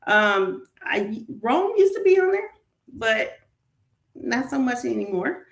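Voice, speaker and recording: Guest: Southern woman, lively, laughing, rambling, slightly high voice, echoey room. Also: slow pace, vocal fry. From Southern United States. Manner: animated, laughing, rambling with fillers. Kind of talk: casual chat. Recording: roomy echo.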